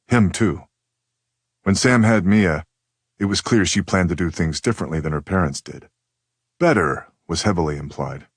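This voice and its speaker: Deep-voiced male audiobook narrator. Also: no room sound. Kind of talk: scripted narration.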